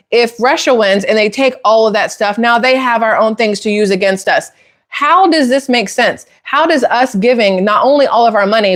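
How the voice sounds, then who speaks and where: Woman host, heated emphatic rant, mid pitch, swings into outraged high bursts. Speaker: political commentary host. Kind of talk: casual opinion talk with viewers.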